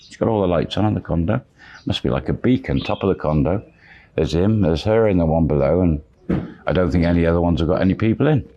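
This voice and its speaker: A man with a very deep, low voice relating a long personal tale in a loose, conversational way. He rambles along, stacking "he says" and "she says" as he goes. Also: fast, lo-fi sound. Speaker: channel storyteller. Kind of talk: casual spoken storytelling.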